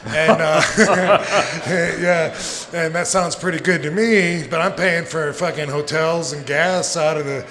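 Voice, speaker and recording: Speaking a little slowly, a man in his forties with a high-leaning, slightly bright voice keeps his intonation fairly even. He laughs often while telling meandering, foul-mouthed stories as a live podcast guest, recorded in a venue with long reverb and faint background noise.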